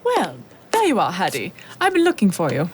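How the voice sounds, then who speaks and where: In a children's radio drama, an actress plays a pompous, self-important woman who manages a construction company, sounding bossy and showy. Her medium-pitched voice swings hugely in pitch at a fairly quick pace, over a noisy background.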